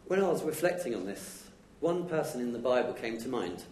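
A man's voice: medium pitch, big pitch swings, darkish tone. Chatty man preaching in an echoey room. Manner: conversational, chatty, acts out quick dialogue. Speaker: lay preacher. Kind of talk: informal sermon. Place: church hall. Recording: echoey church room with faint noise.

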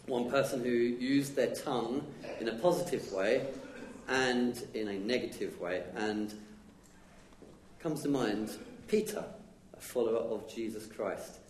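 A man giving an informal, conversational sermon at a church, chatting with the congregation. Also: medium pitch. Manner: conversational, chatty, acts out quick dialogue. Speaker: lay preacher. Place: church hall. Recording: echoey church room with faint noise.

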